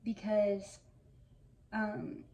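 A woman's voice: medium pitch, flat delivery, drawn-out words, dark tone, dull audio. A woman of about twenty telling fan memories in a casual, gushing way, full of fillers. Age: around 20. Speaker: vlogger. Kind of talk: casual reminiscing monologue. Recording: echoey room, mic at a distance, faint noise.

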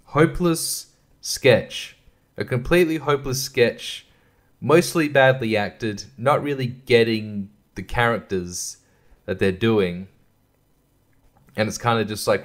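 Brief: male podcast host, crude and rambling, loose solo chat, mid-pitched, laughs through it. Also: lively intonation, unhurried. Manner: crude, rambling, swears freely, laughs often.

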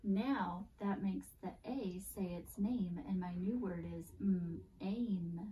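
A woman teaches phonics to young pupils, stretching out each letter sound with deliberate care. Her voice is soft and mellow, and she speaks slowly. She is recorded from a few steps away from the camera in a classroom. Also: medium pitch, recorded from a distance, a little hiss or hum.

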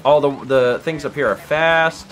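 A man streaming a co-op game, chatting casually with excitable, joking bursts. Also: a little high, measured pace, soft background music. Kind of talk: casual co-op gameplay chat.

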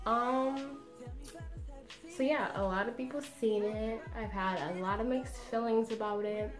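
A woman's voice: a little high, steady tone, measured pace, echoey room, faint music behind. A woman in her twenties chatting casually to camera from her bedroom, laughing often and saying "like" a lot, a little tired after a long day. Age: 20s. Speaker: beauty vlogger.

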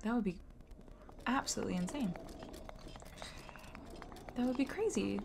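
A woman's voice: on the high side, animated, moderate pace, creaky, music in the background. A woman casually talking to herself and swearing as she plays a game on a live stream. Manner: chatty, swearing, talks to herself. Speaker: streamer playing a video game.

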